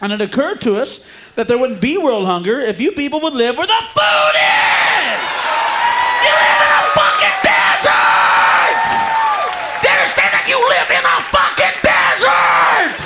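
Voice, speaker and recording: A man playing an enraged, profane American man who yells and curses, recorded live with a noisy crowd behind. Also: extremely high pitch, lively intonation, a little fast, over loud music. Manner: ranting, cursing, shouting. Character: furious profane American man yelling at villagers.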